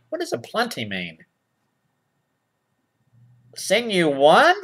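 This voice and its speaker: A man with a high voice and huge pitch swings performs a mock children's-show comedy reading of old nursery rhymes. Sarcastic and mock-innocent, he drawls out the quoted lines slowly and over-reads them, putting questions to the boys and girls.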